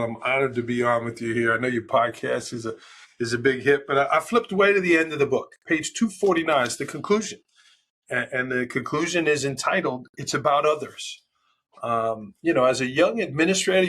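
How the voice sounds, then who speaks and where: A middle-aged man from New York, a school leader telling stories as a podcast guest in a loud, passionate way. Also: a little high. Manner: passionate, loud storyteller who acts out quotes. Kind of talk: casual interview talk.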